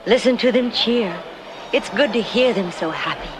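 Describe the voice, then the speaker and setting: An actress playing a brave, compassionate young heroine princess in a 1980s animated film, speaking earnestly and from the heart. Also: female voice, on the high side, normal speed, music in the background, lightly acted. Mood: tender resolve. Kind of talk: 1980s cartoon voice acting. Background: film score.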